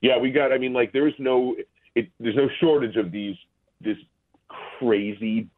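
A man appearing as a guest on a talk show, speaking haltingly with many fillers and restarts. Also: mid-range voice, steady tone. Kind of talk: casual chat. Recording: tinny phone line.

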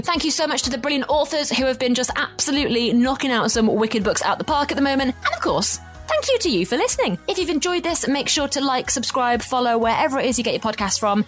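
A woman hosting a book podcast, speaking in a bubbly, enthusiastic way. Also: fairly high pitch. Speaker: podcast host. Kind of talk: podcast sign-off.

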